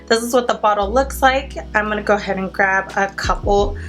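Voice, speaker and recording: A woman's voice: medium pitch, fairly quick, fairly bright tone, faint music behind. A young woman with a cold and a congested voice, chatting through a makeup tutorial and explaining each product step by step. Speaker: beauty vlogger. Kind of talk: makeup tutorial talk to camera.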